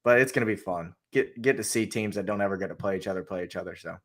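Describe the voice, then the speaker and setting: Brief: young male co-host, lower voice, laid-back rambling sports chat. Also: fast. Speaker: podcast co-host.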